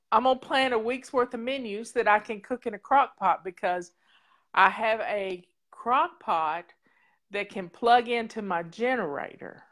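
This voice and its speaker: Slow-talking folksy woman host. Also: mid-range voice. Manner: folksy and rambling, talks to viewers as "folks". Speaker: show host. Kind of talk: casual livestream chat.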